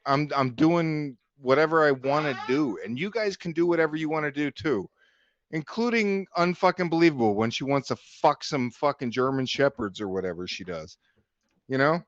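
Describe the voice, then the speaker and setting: A panel guest on a heated livestream launches into an angry, profane rant, jeering as he goes. His slightly high voice, at a normal speed, sounds dry and muffled with no echo, carrying the dull, lo-fi quality of an online call.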